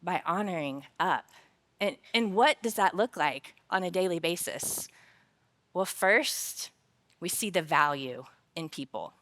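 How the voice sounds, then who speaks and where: Her voice fairly low and a little slow, a woman delivers a faith-based talk about work from a conference stage. She tells humorous, lively personal stories, then becomes earnest and reflective as she brings out the lesson.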